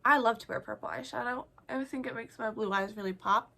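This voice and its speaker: Young woman, slightly high voice, chatty, self-deprecating, casual makeup vlog. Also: a little fast, creaky, sharp tone. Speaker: beauty vlogger. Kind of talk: casual makeup tutorial chat.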